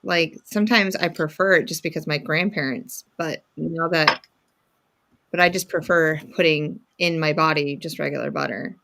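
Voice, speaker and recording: A woman's voice: low voice, background noise. A woman chatting casually as a guest, easygoing, with frequent short replies. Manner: easygoing, quick back-channel replies. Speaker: guest in a sewing circle chat. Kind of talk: casual chat.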